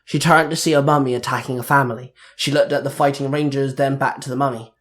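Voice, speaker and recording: A man's voice: medium pitch, fairly even intonation, fast talker. A man narrating an amateur action story, reading fight scenes steadily.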